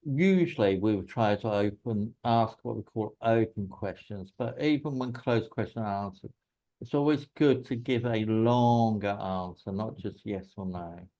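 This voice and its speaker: Casting: man with an English accent, mid pitch, relaxed, anecdotal teacher. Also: moderate pace, lo-fi sound. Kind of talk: conversational explanation with anecdotes.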